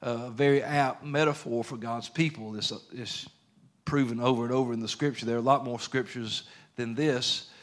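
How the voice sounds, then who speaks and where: A man's voice: medium pitch, steady tone, moderate pace. Earnest preacher man. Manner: earnest, conversational preaching with colloquial grammar. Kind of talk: sermon.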